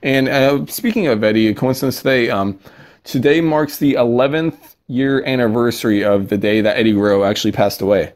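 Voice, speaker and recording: A young man giving casual, excitable commentary over a mobile card game, chatty and giggly, with sudden yelps. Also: mid-range voice, brisk.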